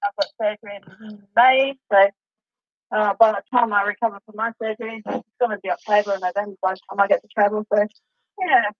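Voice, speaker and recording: A woman's voice: medium pitch, steady tone, fairly quick, dry recording. Australian woman, caller, casual rambling chat, dry distant lo-fi sound. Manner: chatty, rambling, laughs easily. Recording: dull distant phone-line sound.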